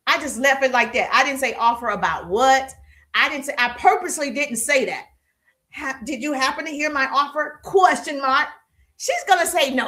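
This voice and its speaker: Woman sales coach, high voice, punchy and repetitive, live-stream teaching. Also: normal speed, a bit bright. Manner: emphatic, repeats key lines, asks the audience questions.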